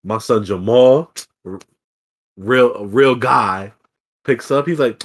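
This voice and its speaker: A young man hosting a podcast, telling a story in casual chat with animated, profane ranting. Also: mid-range voice, unhurried. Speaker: podcast host.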